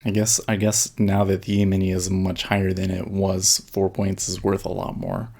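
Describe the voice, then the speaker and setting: A man's voice: sits low, monotone, moderate pace, creaky, darkish tone, husky. A man casually thinking aloud as he day-trades on a live stream, talking in fits and starts. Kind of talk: casual live-stream commentary while trading.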